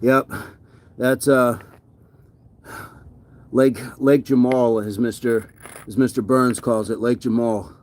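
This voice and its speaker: Sweaty winded guy on a workout stream, warm mellow voice, reads chat out loud, repeats himself a lot. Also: mid-range voice, steady tone, slow, pauses often. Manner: reads viewer comments aloud and repeats himself. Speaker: fitness livestreamer. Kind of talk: casual livestream chat while working out.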